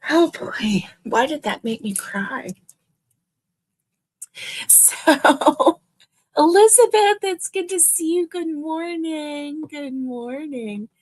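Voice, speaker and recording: A woman's voice: sits high, lively intonation, slow, a little mellow. An older woman hosting a crochet live stream, chatting in a gushing, friendly way and laughing easily. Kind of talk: casual live stream chat.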